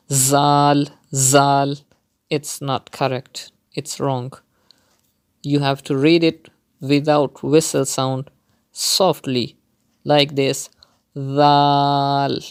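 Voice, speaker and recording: A Quran teacher takes a recorded lesson at an unhurried, deliberate pace, sounding each letter out as an example. The voice is smooth and clear, with careful, steady instruction. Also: mid-range voice. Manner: patient, demonstrates each letter sound aloud.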